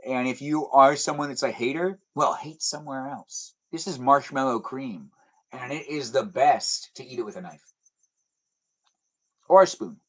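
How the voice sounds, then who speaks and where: A young livestream host with a husky, mid-range voice rambles at normal speed, answering chat messages aloud. He's streaming casually indoors at home, a TV on behind him.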